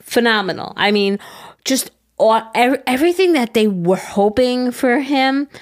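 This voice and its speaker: A woman's voice: on the high side, expressive, a little slow. Chatty woman telling an emotional story. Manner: emotional, storytelling, gushing about her students. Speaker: podcast co-host. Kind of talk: casual chat.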